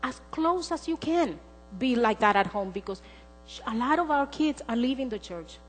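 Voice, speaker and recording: Preaching in a church sanctuary, a middle-aged woman speaks at normal speed in a higher voice with lively intonation. Her sermon is earnest storytelling in which she acts out the characters' quotes. Long hall reverb, mains hum and faint music fill the recording.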